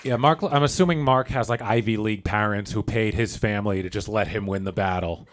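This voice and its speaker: A man judging a roast battle with deadpan quips. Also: on the low side, a little fast. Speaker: judge. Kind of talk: judging comedy.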